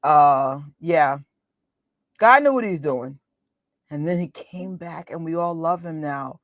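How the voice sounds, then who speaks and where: A woman in her forties, hosting a movie watch party, talking in a chatty, animated and exclamatory way. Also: sits low, slow, dry recording, studio quality. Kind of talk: casual chat.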